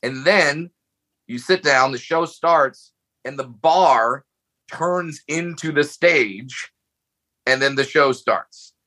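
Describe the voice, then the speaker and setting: A man's voice: fairly high pitch, slow pace, sharp tone, low-quality recording. A man chatting as a comedy guest on a podcast, enthusiastic and stumbling over repeated restarts. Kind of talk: casual chat.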